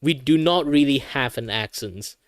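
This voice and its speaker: A man from Malaysia with a Malaysian English accent, chatting casually on a stream in a rambling, animated way. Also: medium pitch, moderate pace, no echo, studio quality. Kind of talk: casual chat while drawing.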